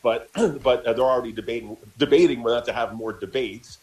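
A man of middle pitch argues on a political radio show, tripping over and repeating his words as he builds a point. His delivery stays casual and conversational. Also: a little fast, a little mellow, poor audio. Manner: stammering, repeats words while building an argument.

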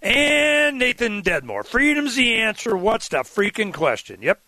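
A male radio host talks in a rambling, irreverent way. His voice sits high and sounds bright and forceful, with a dry, close sound and no room echo. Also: sing-song, measured pace. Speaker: radio talk show host. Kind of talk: casual talk radio conversation.

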